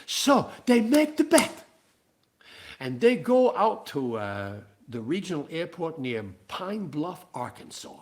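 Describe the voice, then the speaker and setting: A man telling a long comic story in a playful, animated way. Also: fairly high pitch. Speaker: singer-songwriter and storyteller. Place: living room.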